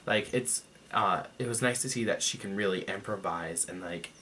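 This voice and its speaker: A man's voice: sits low, moderate pace, pushed and bright, a little hiss or hum. Brief: a young man in his twenties, casual vlogger recapping a show, loose and chatty. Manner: chatty, loose, lots of "like" and "you know". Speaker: TV review vlogger. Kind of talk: casual chat.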